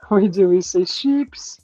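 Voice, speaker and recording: A woman's voice: medium pitch, darkish tone, no room sound, muffled recording. A woman hosting a casual live chat from her home kitchen, chatty and teasing, laughing often as she reads viewer comments. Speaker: host of a live chat stream.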